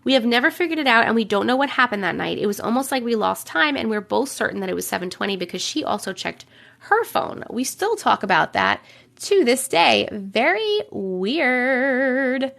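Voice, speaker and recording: Young woman, livestream host, high voice, rough from a cold, chatty, hums filler sounds. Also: very animated, normal speed, fairly bright tone. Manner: chatty, hums and scats filler syllables while waiting. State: voice rough from getting over a cold. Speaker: livestream host reading viewer stories. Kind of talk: casual livestream chat and story reading.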